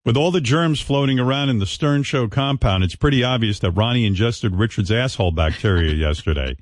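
Male radio host, blunt and mocking, animated delivery, dry close mic. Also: medium pitch, fairly quick, no room sound. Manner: blunt, teasing, laughing often. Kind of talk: casual radio banter.

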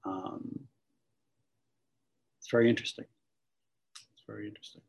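A man's voice: fairly low pitch, level tone, moderate pace, gravelly, darkish tone, slightly rough, low-quality recording. A man from the Boston area, an acting coach, talking thoughtfully in an interview with many restarts. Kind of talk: conversational interview.

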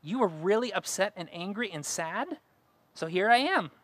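A man's voice: high-pitched, expressive, moderate pace, a bit bright, no room sound. A man voicing the Wobbler, a cheerful little creature born of anger, in a chirpy manner while reading a children's story aloud.

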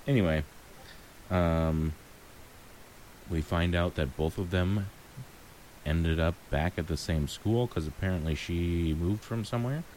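A man's voice: low voice, a little slow, long pauses, a little mellow, slight background noise. A man chatting casually about a movie, musing aloud with frequent ums and light laughs. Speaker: co-host reviewing a movie. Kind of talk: casual chat.

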